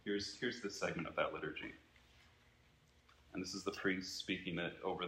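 A man preaching a sermon as pastor, earnest and reflective, swinging from emphatic peaks to quiet asides. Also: deep voice, fairly even intonation, normal speed, slightly rough. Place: church.

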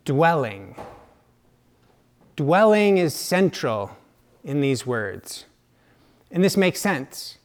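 A man preaching a sermon in a slow, reflective way, dropping now and then to hushed asides. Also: a little high, big pitch swings.

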